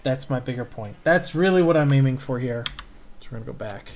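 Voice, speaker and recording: A man's voice: expressive, fairly quick, a little mellow, a little hiss or hum. Man mumbling casually while inking. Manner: rambling, low-key asides to himself. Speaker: cartoonist streaming his inking. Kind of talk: casual talk while drawing.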